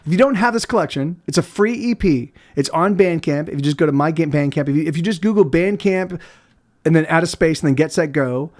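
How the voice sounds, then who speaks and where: A man's voice: on the high side, fairly quick, darkish tone. A man chatting casually on his livestream as a musician, rambling and swearing with many restarts. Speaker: musician streamer.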